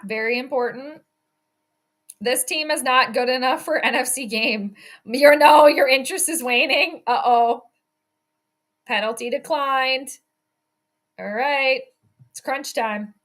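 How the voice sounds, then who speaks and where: Young adult woman, streamer host, high bright voice, excitable fan play-by-play with plenty of cursing. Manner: excited, swearing, rambling fan commentary. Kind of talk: live game commentary stream.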